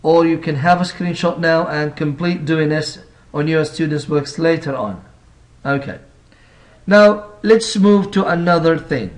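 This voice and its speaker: A male English teacher delivers a recorded lesson in a slightly high voice. He explains things slowly, rewords his points, and poses rhetorical questions to the class.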